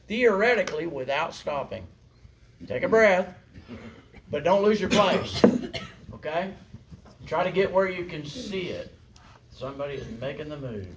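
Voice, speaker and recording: A man's voice: sits high, background noise. A man directing a choir rehearsal, calling out sections and parts and encouraging the singers. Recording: distant mic in a room with singing.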